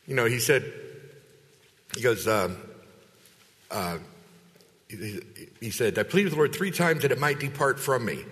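A man preaching a sermon as a pastor, lively and conversational, acting out quoted voices with big jumps in pitch. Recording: long hall reverb.

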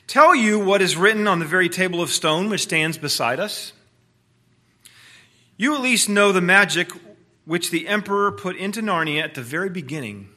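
A man voicing a cruel, shrill female witch queen, with a sharp and demanding delivery. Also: lively intonation, moderate pace, full character voice. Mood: menacing.

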